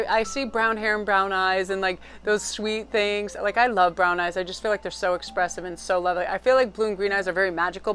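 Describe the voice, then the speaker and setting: A middle-aged woman doing a casual tarot reading to camera, talking in an excitable, rambling, chatty way. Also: medium pitch. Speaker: tarot card reader.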